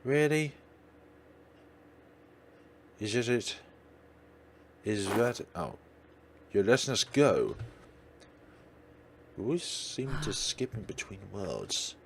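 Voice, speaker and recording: A man's voice: lowish voice, very animated, takes it slowly, gravelly, pauses often, a little hiss or hum. A man hosting a let's play, musing aloud as he plays and reading the dialogue aloud. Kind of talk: game commentary.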